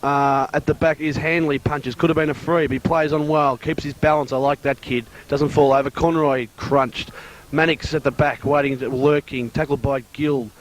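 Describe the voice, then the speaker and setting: A man giving brisk play-by-play commentary on an amateur football match. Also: a little high, fairly even intonation.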